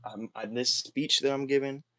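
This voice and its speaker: A young man livestreaming alone, talking in a rambling, excitable way, full of fillers and swearing. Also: mid-range voice, moderate pace, background noise. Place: small soundproofed room.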